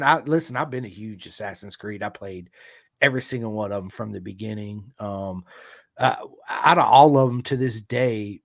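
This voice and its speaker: A man hosting a podcast in relaxed, drawn-out casual chat full of fillers. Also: on the low side, no room sound, studio quality. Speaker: podcast host.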